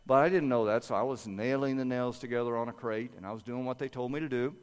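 A man's voice: mid-range voice, steady tone, fast, smooth. A man preaching a sermon through a personal story, talking conversationally and acting out family members' voices. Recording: long hall reverb.

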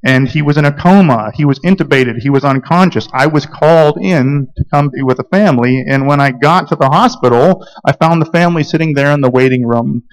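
A pastor from Georgia preaching a sermon, telling stories earnestly with frequent fillers and restarts. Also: male voice, fairly high pitch, brisk, few pauses, low-quality recording.

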